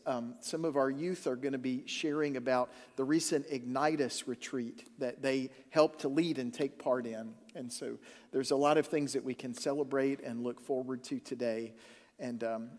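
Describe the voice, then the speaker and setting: A pastor giving an earnest, gentle welcome and prayer in a church sanctuary, with halting restarts. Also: male voice, mid-range voice. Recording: long church reverb.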